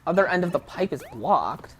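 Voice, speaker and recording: A woman's voice: lowish voice, big pitch swings, moderate pace, slight background noise. A woman giving casual, rambling let's play commentary, frank and often correcting herself.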